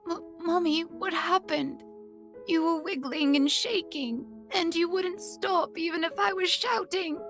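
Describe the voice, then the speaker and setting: A small, frightened boy pleads tearfully in a game scene, played by a woman. His voice sits very high and his words come slowly, with game music behind him. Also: fairly bright tone, heavily acted. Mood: worried.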